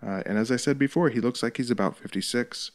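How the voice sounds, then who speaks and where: A man's voice: medium pitch, fast talker. Laughing, foul-mouthed man commenting on a fight. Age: 30s. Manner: joking, profane, laughs often. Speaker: show host commenting on an old fight.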